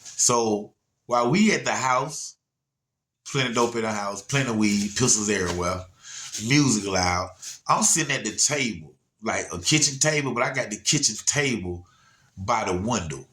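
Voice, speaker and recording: A man, telling a story in a slightly low voice. He rambles in a laid-back way, circling back and checking in with his listeners. It is casual, unscripted storytelling. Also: expressive, moderate pace, bright, forceful tone. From Atlanta area, USA. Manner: rambling, laid-back, frequent "you know what I'm saying".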